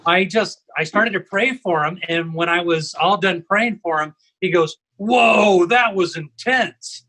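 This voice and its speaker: A man with a high, bright voice and a husky edge, talking on a home video call. He co-hosts a relaxed panel discussion and makes his points through anecdotes, often asking "right?" to pull his listeners along. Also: moderate pace, rough recording. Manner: storytelling, tags lines with "right?". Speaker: co-host, evangelism trainer.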